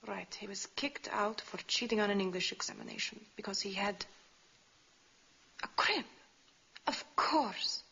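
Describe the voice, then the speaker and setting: An actress playing a nervous young female university instructor who speaks earnestly and often in a hush. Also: mid-range voice, steady tone, fairly quick, vocal fry, hardly any pauses, a little hiss or hum. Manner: earnest, often hushed and whispering. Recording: muffled 1960s TV soundtrack.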